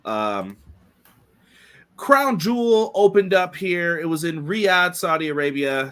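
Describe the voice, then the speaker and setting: A man hosting a casual podcast, upbeat and quick to laugh. His voice is bright and a little high, and it swings up and down a lot. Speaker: podcast host. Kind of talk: casual chat.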